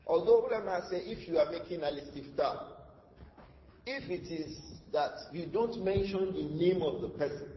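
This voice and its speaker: A man's voice: a little high, normal speed. Man teaching in an echoey hall. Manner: asks rhetorical questions, then answers them; drops in Arabic terms and glosses them. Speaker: Islamic teacher. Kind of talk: religious lesson. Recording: dull, echoey hall with faint noise.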